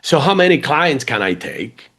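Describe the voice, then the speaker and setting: A man's voice: a little high, normal speed. A man with an accent, talking casually and at length as a business podcast guest, with many restarts. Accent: funky accent, non-native. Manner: chatty, animated, many restarts. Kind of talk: casual interview chat.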